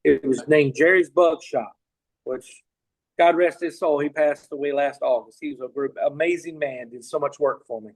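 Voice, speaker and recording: A man's voice: a little high, fairly even intonation, normal speed, low-quality recording. A middle-aged man from Tennessee, a podcast guest telling a long anecdote in a rambling way, full of restarts and asides. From Tennessee, USA. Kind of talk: casual anecdotal storytelling.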